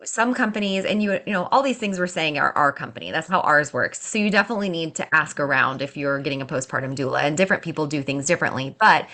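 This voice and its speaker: Lady podcast host, talks straight to listeners, bright and punchy. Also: low-pitched, lively intonation, fast, few pauses. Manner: chatty, emphatic, direct address to listeners. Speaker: podcast co-host, doula company owner. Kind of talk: casual podcast chat.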